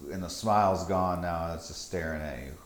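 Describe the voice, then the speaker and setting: A man's voice: deep voice, fairly quick, noisy background. A man running a tabletop game as game master, narrating casually and filling his talk with "like" and "kinda". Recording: echoey room.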